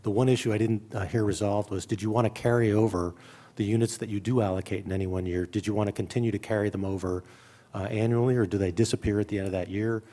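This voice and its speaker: A man on the district staff explains procedure to the board in a measured, explanatory way at a board meeting. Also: on the low side, steady tone, dark tone.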